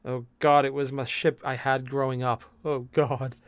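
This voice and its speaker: A young man streaming while he paints miniatures, chatting with viewers in an animated, jokey way. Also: medium pitch, normal speed, smooth, dry recording. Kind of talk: casual live-stream chat.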